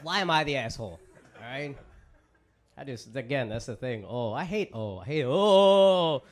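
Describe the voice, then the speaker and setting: A man in his thirties, medium-pitched and animated at a normal pace, works through a brash, profane stand-up set with plenty of crowd work. It's a live club recording, with the audience's laughter filling the background.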